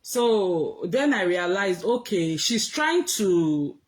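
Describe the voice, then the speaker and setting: A woman's voice: mid-range voice, sing-song, takes it slowly. A woman chatting casually on a livestream, mocking someone and greeting viewers by name. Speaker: livestream host. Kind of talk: casual gossip commentary.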